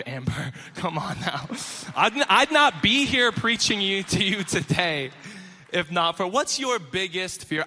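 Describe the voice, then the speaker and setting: A bright, forceful male voice preaching on stage, telling stories with lively, self-deprecating humor. His voice sits a little high and carries a long reverb from the large hall around him. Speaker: pastor. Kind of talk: sermon. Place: church stage before a congregation.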